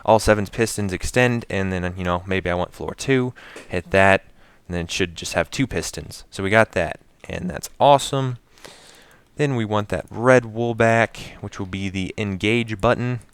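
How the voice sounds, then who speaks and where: A Minecraft builder and commentator walks his viewers step by step through a build in casual gameplay commentary. His voice is low and gravelly yet smooth and clear, unhurried and easygoing, and he often mutters to himself and counts items aloud as he places them. The recording is dry and close, with no room sound.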